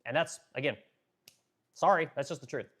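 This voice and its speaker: A man's voice: on the high side, moderate pace, fairly bright tone. A young adult man from the Pacific Northwest hosting a casual livestream, reading chat and talking bluntly with profanity and lots of fillers. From Pacific Northwest, Oregon.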